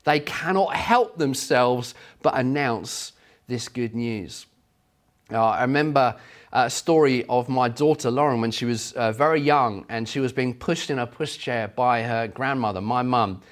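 A middle-aged man preaching a sermon, telling stories with animated delivery. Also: medium pitch, unhurried. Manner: storytelling, animated, voices quotes.

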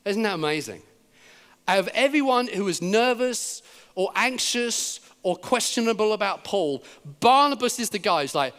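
An English man preaching a sermon at a church service, his voice sitting a little higher than most men's. He tells stories with lively energy and slips into the voices of the people he quotes. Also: fairly quick. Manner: animated storytelling, acting out quoted speech.

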